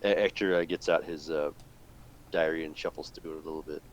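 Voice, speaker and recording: A man playing a tabletop game talks through his character's actions. He thinks aloud and hesitates often. His voice sits low. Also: steady tone, a little fast, slight background noise. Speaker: player. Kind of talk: tabletop game play, casual chat.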